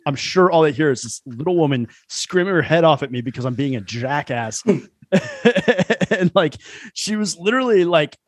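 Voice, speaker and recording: A man's voice: fairly high pitch, lively intonation, normal speed, no echo. A man in his thirties telling stories in casual chat, rambling and leaning hard on filler words. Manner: rambling storyteller, heavy on "like" fillers, laughs at own jokes. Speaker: podcast guest.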